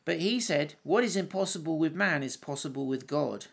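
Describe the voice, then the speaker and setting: A man's voice: fairly high pitch, normal speed, vocal fry, husky. A man giving informal Bible teaching in a conversational, storytelling way, often breaking into laughs.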